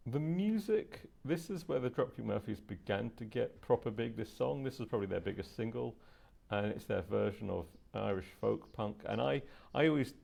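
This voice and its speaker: Gravelly, husky man in podcast chat. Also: on the low side, a little mellow. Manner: rambling, opinionated, nerdy, many fillers. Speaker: podcast co-host. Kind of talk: casual chat.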